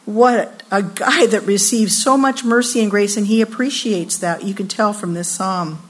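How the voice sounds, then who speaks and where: A woman in her sixties giving a sermon at a women's retreat, expressive and acting out voices when she quotes people. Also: medium pitch, moderate pace, breathy edge.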